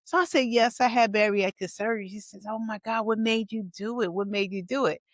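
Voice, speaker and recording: A woman in her fifties, a pastor, telling her own story in a lively testimony style, acting out the people she quotes. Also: mid-range voice, a little fast, no room sound. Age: 50s. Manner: animated storytelling with acted-out quotes. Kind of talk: personal testimony vlog.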